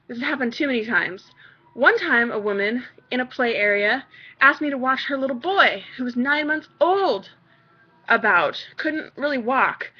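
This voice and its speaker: A woman's voice: on the high side, breathy edge, muffled recording. A young mother ranting on her vlog, exasperated and swearing freely. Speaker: vlogger, mother.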